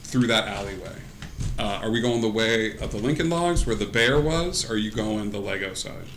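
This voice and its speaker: A man's voice: on the low side, expressive, normal speed, a bit bright, a little hiss or hum. A man narrating a tabletop game as game master on a live stream, loose and rambling with many fillers.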